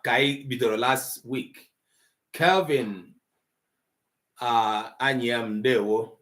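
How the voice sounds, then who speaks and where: A man teaching a live online language class, slowly sounding out syllables in high and low tones. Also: a bit bright. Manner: slow, deliberate teaching, mixing English and Igbo.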